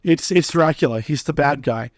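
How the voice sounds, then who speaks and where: Guy hosting a movie podcast, a bit high voice, dry close mic, gets animated. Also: normal speed, no echo. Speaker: podcast host. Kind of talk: casual film discussion.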